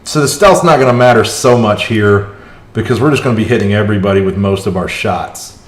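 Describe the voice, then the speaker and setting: Speaking a little fast in a fairly low voice, a man streams a mobile strategy game and comments on each move in real time. Chatty and reactive, he talks to his viewers throughout, and the audio carries a roomy echo.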